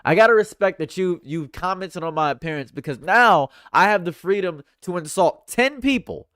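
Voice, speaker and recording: A man's voice: high voice, lively intonation, moderate pace, a bit bright, clear, resonant tone, dry recording, clean studio sound. A man streaming live from home, ranting sarcastically and repeating himself into a USB condenser mic. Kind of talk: livestream commentary. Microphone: condenser USB microphone.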